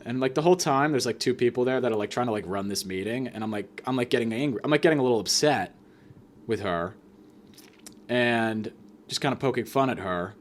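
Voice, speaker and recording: A young man telling a comedic story as a podcast host, animated, sarcastic and profane, with quick asides. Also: mid-range voice, a little hiss or hum.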